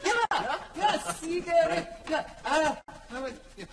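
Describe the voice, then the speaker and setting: An actor playing a bewildered foreign tourist who reads wrong phrases from a phrasebook, earnest and halting, from a comedy clip played in a hall. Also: male voice, very high-pitched, animated, vocal fry, recorded from a distance, heavy background noise, heavily acted. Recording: comedy clip played in a hall, heard from afar with loud audience laughter.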